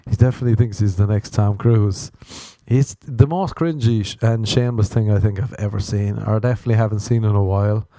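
A young Irish stand-up comedian ranting in a sweary, self-mocking comic monologue. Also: male voice, fairly low pitch, a little fast, hardly any pauses, dark tone, no echo. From Ireland.

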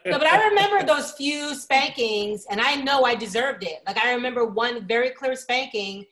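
A woman's voice: a little high, moderate pace, a crowd in the background. A woman from Philadelphia in casual chat, telling stories expressively and acting out voices. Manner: expressive, acts out voices, laughs often.

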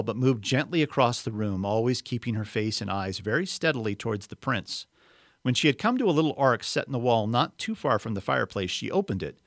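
A man reading a story aloud expressively, pausing for explanatory asides. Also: medium pitch, a bit bright, dry recording, clean studio sound. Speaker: reader.

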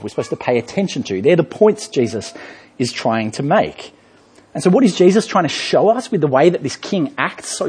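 A man preaching a sermon in a church, telling a story with lively rhetorical questions. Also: a little high, husky. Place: church hall.

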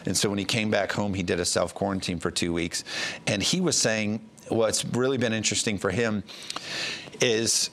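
Low-voiced man preaching casually. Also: fairly even intonation, normal speed, a bit bright. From United States. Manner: casual, plain-spoken, with frequent fillers and restarts. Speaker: pastor. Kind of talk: conversational sermon.

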